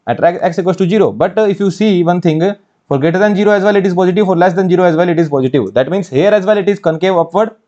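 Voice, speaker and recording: Speaking rapid-fire in a high, warm voice, an Indian English–accented man teaches engineering maths as part of an online exam-prep course. He questions himself, supplies the answers, and circles back to key phrases, all captured on muffled audio.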